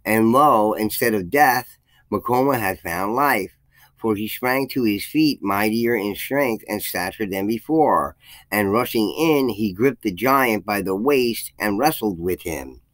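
A man's voice: fairly low pitch, animated, a little slow, fairly bright tone, no room sound, low-quality recording. A man reading a folk legend aloud, lifting his voice for the quoted lines, with occasional slips. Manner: reads with archaic phrasing, raises his voice for quoted speech, slips and restarts. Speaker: channel host reading a legend. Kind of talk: reading a folk tale aloud, then commentary.

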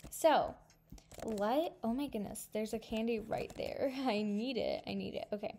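A woman hosting a gaming video, gushing and excitable with frequent gasps, thanking her viewers warmly. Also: fairly high pitch, a little slow. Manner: sentimental thank-yous to viewers. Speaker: gaming channel host. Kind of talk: casual gameplay commentary.

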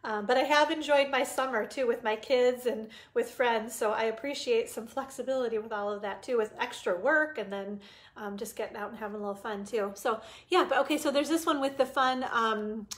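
A woman's voice: a little high, fairly quick. A middle-aged woman hosting a live card-stamping demo, chatty and casual, greeting viewers by name with plenty of ums.

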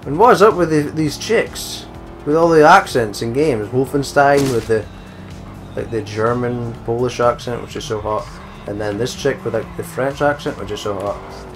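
A man's voice: medium pitch, moderate pace, gravelly, music in the background. A man giving casual, rambling gameplay commentary, swearing a lot and joking around. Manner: swearing, rambling, jokey, breaks into song. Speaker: let's play gamer.

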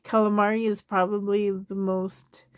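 This woman speaks at a moderate pace in a level, mid-range voice; the studio recording is clean, with no room sound. In her forties and from Canada, she's a vlogger answering a tag video, rambling through family tales with lots of fillers and laughter.

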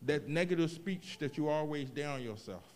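A man preaching a sermon, moving from hushed reflection to loud, animated emphasis, with casual asides to the congregation. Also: on the high side, normal speed, slight background noise. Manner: expressive preaching, swings from quiet to loud, vernacular asides. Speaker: pastor.

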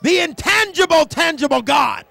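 A man preaching a charismatic sermon at a church conference, shouting, repeating phrases and speaking in tongues. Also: very high voice, lively intonation, normal speed, vocal fry. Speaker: evangelist.

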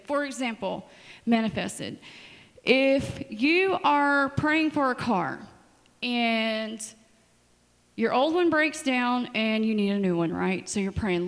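A woman's voice: a little high, unhurried, long reverb tail. A woman preaching a sermon in a church, telling stories with dramatic asides. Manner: storytelling, lively and dramatic asides. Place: church sanctuary.

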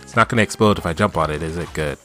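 A man doing let's play commentary, swinging between chatty self-talk and loud, swearing outbursts at the game. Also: sits low, very fast, faint music behind. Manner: excitable, yelling and swearing at the game.

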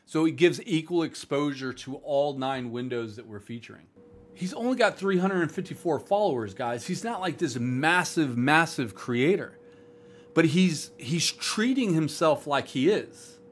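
A man hosting a livestream for a streaming platform, talking casually and bluntly to viewers, rambling with lots of "like" and "um". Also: mid-range voice. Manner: blunt and rambling, full of "like", "um" and "bro". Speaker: streaming platform staff host.

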